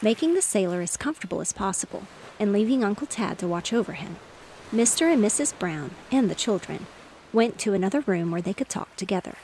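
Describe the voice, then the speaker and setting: A woman narrating a bedtime story in a soft, soothing reading voice. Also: mid-range voice, expressive, brisk, gravelly, a little hiss or hum.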